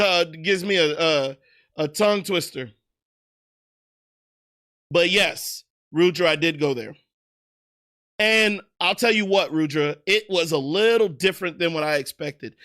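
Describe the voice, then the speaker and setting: A man's voice: on the high side, sharp tone. A man chatting casually on a livestream, loose and profane, laughing at himself as he answers viewers. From United States. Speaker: streamer.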